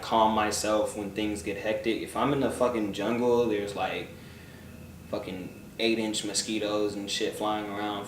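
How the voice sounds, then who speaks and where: A young man answering viewer questions in a loose, joking vlog chat, often swearing and trailing off into mumbles. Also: fairly low pitch. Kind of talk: casual chat. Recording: roomy, from a distance, faint background noise.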